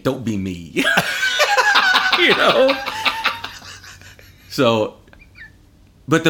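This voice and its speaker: A man in casual chat, telling stories with lots of swearing and acted-out quotes. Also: medium pitch. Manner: animated storyteller, swears a lot, acts out quotes. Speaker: podcast guest.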